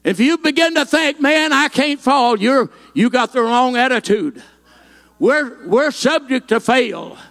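A man's voice: very high voice, lively intonation, unhurried, fairly bright tone. A man pastor, preaching a fervent sermon and stringing phrases together with rhythmic "uh" fillers.

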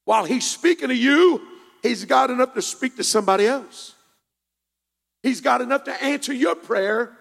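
A man preaching a sermon as pastor of a church, moving between quiet storytelling and shouted, half-sung passages. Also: extremely high pitch, animated, moderate pace, gravelly. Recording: long reverb of a church hall.

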